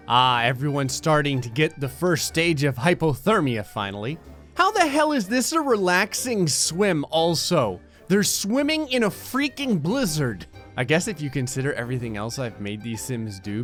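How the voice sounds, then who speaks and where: A man's voice: fairly high pitch, sing-song, normal speed, a bit bright, soft background music. A young man giving comedic commentary over a life-simulation game, sarcastic and mocking, often slipping into little voices for the characters. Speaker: gaming YouTuber.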